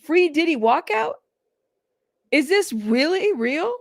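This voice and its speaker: High-voiced exasperated woman reacting. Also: very animated, takes it slowly, gravelly, no room sound, studio quality. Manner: chatty, exasperated, laughs often. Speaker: commentary channel host. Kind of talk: casual reaction commentary.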